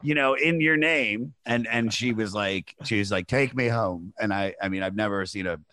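A man's voice: lowish voice, steady tone, moderate pace, bright, forceful tone, clear, resonant tone, no room sound. A man telling a long story in casual podcast chat, rambling with many fillers. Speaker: podcast guest.

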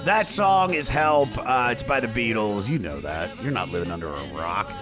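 Hoarse, profane podcast host. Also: male voice, medium pitch, expressive, normal speed, over music. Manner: loose, profane, rambling, self-promoting. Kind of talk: casual chat.

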